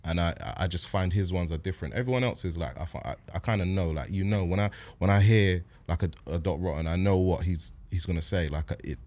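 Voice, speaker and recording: A man, a guest in a casual podcast chat, talking in a relaxed, thoughtful way with many fillers. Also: deep voice, fast, hardly any pauses.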